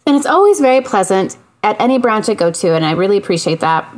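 A woman from Canada tells a story in relaxed chat with her co-hosts. She is animated and lively, drops into quick little voices for the people she quotes, and laughs often along the way. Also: medium pitch. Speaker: podcast co-host.

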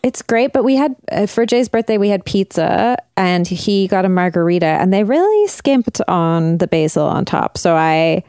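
A woman in casual podcast chat who swears freely and jumps up in pitch as she gets excited. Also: moderate pace, hardly any pauses, smooth, dry recording, clean studio sound.

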